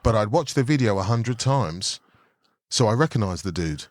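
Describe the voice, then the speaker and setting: Animated low-voiced man. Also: normal speed, no room sound, clean studio sound. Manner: animated, acts out quoted voices. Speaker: actor guest. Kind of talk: casual chat, storytelling.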